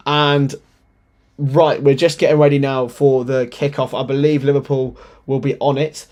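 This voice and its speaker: A man's voice: medium pitch, normal speed. Nervous chatty man hosting a watchalong. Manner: excitable, stumbling, chatty fan talk. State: nervous and shaky. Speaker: watchalong host. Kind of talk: live football watchalong commentary.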